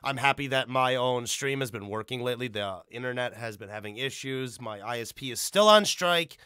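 A man's voice: mid-range voice, expressive, brisk, sharp tone, smooth, no room sound, studio quality. A man hosting a casual podcast, rambling and cursing freely. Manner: profane, rambling. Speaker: podcast host. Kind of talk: casual chat.

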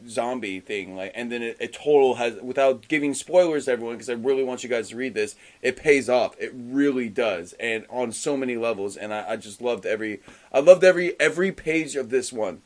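A man co-hosting a casual comic book podcast, talking excitedly and stumbling over his words as he gushes. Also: mid-range voice. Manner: enthusiastic, animated, stumbles and restarts often. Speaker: podcast co-host.

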